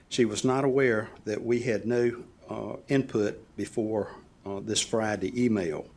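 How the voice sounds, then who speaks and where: A man with a scratchy voice giving a public comment to a county board at a podium microphone. He reads measured, prepared remarks and clears his throat now and then. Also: medium pitch. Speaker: resident addressing county board. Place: county meeting chamber.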